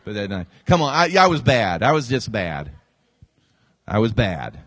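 A pastor with a lowish voice preaches at a moderate pace, recorded with no echo. He animates his stories by acting out quotes and repeating key phrases.

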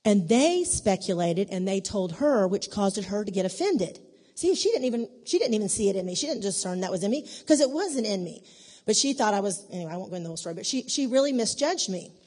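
A woman giving a conversational church teaching in an animated way, acting out the dialogue in her stories. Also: mid-range voice, fast. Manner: animated, acts out quoted dialogue. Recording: long reverb of a large hall.

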